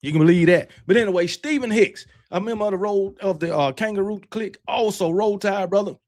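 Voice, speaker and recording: Brash male livestream host with a high voice, casual and fired-up, curses freely. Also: fairly quick, a little mellow. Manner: loose, fired-up and brash, with mild cursing; talks with candy in his mouth. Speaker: host of a college football livestream. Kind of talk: casual live-stream chat.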